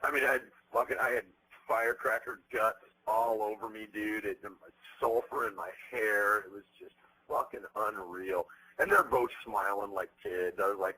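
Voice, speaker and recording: A man in his thirties being interviewed, telling stories bluntly with plenty of profanity and animated energy. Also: on the low side, moderate pace, slightly rough, poor audio. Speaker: interviewed musician. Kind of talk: candid interview talk.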